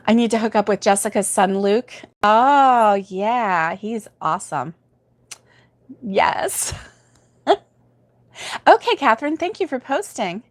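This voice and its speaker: A woman's voice: on the high side, animated, slow pace, long pauses. An older woman hosts a casual livestream, telling a story in a chatty way, laughing often and reading viewer comments aloud. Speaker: host of a crochet livestream.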